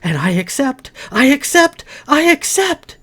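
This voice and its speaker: A man voicing a passionate, mysterious young woman with an arcane nature, raising his pitch and crying out at her peaks. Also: lively intonation, slow pace. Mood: ecstatic shouting. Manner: fervent, shouting at peaks.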